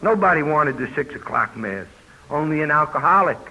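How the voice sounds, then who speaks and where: A little high and a little fast, this older man's voice is animated with a breathy edge. He's from New York and gives plainspoken personal testimony at a recovery convention, adding folksy asides. The recording is muffled old tape with hiss.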